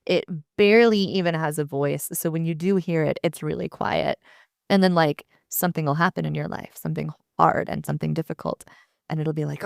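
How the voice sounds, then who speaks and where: Podcast co-host, woman, low gravelly tone, blunt and animated, dry close sound. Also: brisk, no echo. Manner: animated, blunt, swears freely. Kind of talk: casual podcast chat.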